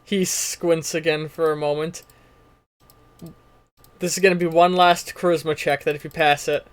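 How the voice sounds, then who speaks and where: A man's voice: fairly high pitch, little pitch movement, moderate pace, clear, resonant tone, dry recording. A man running a tabletop game as game master, talking in a loose, joking, rambling way.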